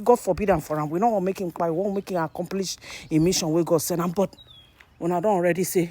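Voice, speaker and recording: A Nigerian woman vlogger with an animated manner, talking to her viewers in casual commentary. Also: mid-range voice, fast. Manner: animated, mixes Nigerian Pidgin and English.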